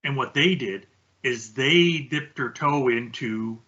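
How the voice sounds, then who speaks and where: A man's voice: medium pitch, slow pace, pushed and bright, lo-fi sound. A man co-hosting a podcast, casually explaining research findings step by step. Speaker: podcast co-host. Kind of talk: casual conversational chat.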